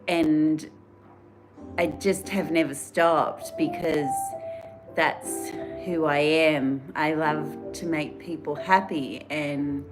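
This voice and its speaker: A woman chats on a livestream in a low, unhurried voice, rambling earnestly and answering viewer comments. Music plays clearly in the background. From Australia. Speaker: livestream host. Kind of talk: casual live-stream chat.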